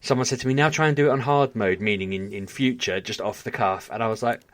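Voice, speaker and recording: A man co-hosting a podcast, telling a story in casual chat with animated energy and frequent laughter. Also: medium pitch, fast talker. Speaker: podcast co-host.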